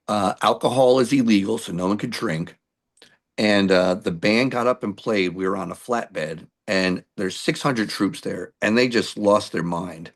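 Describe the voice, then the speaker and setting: Middle-aged guy, musician, kinda low voice, tells stories and does the voices of people he met. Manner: animated anecdotes with acted-out quotes. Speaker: musician guest. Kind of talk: storytelling interview.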